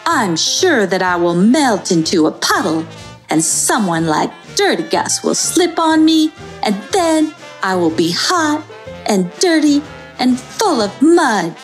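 A woman's voice: a little high, sing-song, takes it slowly, soft background music, voice pushed up. A woman voicing a theatrical female Goop creature who exaggerates everything, in a Southern accent. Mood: melodramatic. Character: dramatic, over-the-top female Goop creature.

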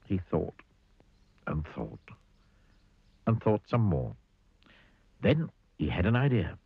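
A man narrating a children's cartoon story, playful and expressive, asking the listener questions. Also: sits low, slow pace, vocal fry, slightly rough, no echo, narrow, tinny audio.

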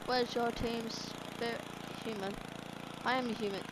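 A woman giving excitable let's play commentary, exclaiming and chattering at the game as she plays. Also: a little high, a little slow. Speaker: gaming video host. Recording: game sounds and noise behind. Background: video game sound effects.

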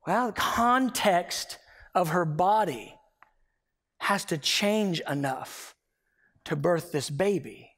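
In a high voice, taking it slowly, a male pastor preaches and shares a personal story. His delivery is animated, moving between loud and hushed, with words repeated as he builds toward a point.

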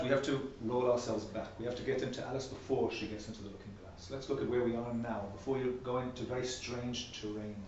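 A man's voice: mid-range voice, a little mellow, recorded from a distance, slight background noise. A man giving an academic workshop presentation in a seminar room, talking conversationally and posing rhetorical questions. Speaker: lecturer. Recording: very echoey, dull room recording.

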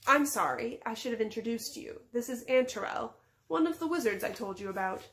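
A woman's voice: on the high side, animated, brisk. A woman voicing a clever, sly young princess who plays innocent in a read-aloud storybook. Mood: cool.

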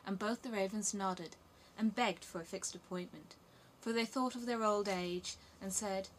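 A woman's voice: medium pitch, normal speed, few pauses. Woman reading a fairy tale aloud. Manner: steady, clear storytelling. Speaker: audiobook narrator. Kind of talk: scripted fairy-tale narration.

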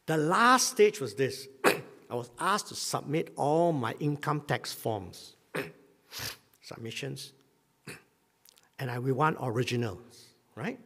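A husky-voiced male pastor preaching, his pitch rising and falling freely as he tells a personal story. He keeps stopping to clear his throat. The sound carries a long reverb from a church hall. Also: expressive, takes it slowly, long pauses, fairly bright tone. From Malaysia.

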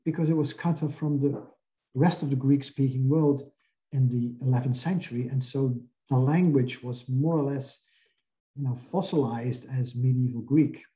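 Here a linguistics professor talks through his lecture slides step by step at a moderate pace. His mellow, medium-pitched voice keeps a fairly even intonation, though the audio is dull.

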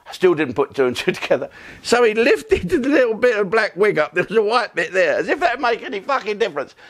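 A man's voice: high-pitched, sing-song, fast, fairly bright tone. An older comedian with a rambling, profane, self-mocking delivery. His voice rises and falls a lot as he storytells in a casual monologue.

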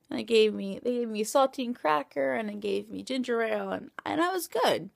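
A woman's voice: fairly high pitch, fast talker, gravelly, no echo, clean studio sound. A young woman telling a casual, rambling story as a vlogger, full of filler words and acting out the voices of others.

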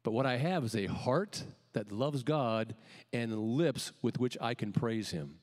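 A male pastor delivers an emphatic sermon in a middle-pitched voice. He swings between rising calls and quiet, dropped phrase endings. His voice carries a long reverb through the church sanctuary. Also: animated, unhurried.

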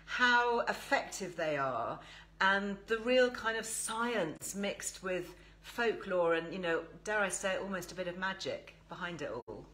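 A woman's voice: fairly low pitch, expressive, measured pace, a bit bright, rough recording. Chatty English woman hosting a live stream. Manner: chatty and enthusiastic, greets viewers. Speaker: host.

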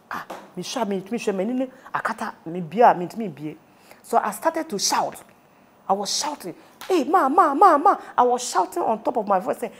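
Earnest Ghanaian woman telling her story. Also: medium pitch. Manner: earnest, rapid mix of Twi and English. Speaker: guest. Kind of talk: personal testimony.

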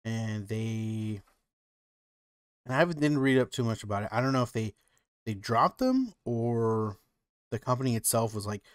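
A man's voice: lowish voice, expressive, normal speed, long pauses, clean tone, no room sound, studio quality. A man co-hosting a podcast, chatting casually and rambling, with lots of "like" and "you know". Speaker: podcast co-host. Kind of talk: casual chat.

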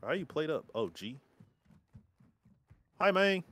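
A young man chatting casually while gaming, excitable, slangy and swearing a lot. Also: fairly high pitch, takes it slowly. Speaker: gamer streamer. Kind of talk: casual gameplay banter.

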